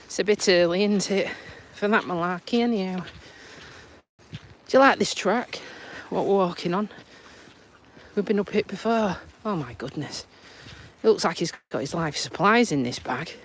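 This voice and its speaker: Speaking at a moderate pace in a fairly low voice, a woman vlogger from Lincolnshire chats on a live stream as she walks through the countryside, recorded on her phone with a little hiss or hum. She has a Lincolnshire accent and a blocked-up nose. Chatty and poking fun at herself, she laughs a lot and drops in dialect words.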